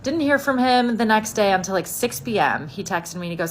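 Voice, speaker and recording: A woman in the middle of a casual storytime, chatty and wry. She peppers her telling with "like" and acts out little quoted asides. Her voice sits at an ordinary middle pitch. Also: expressive, brisk, a little hiss or hum. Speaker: TikTok storyteller.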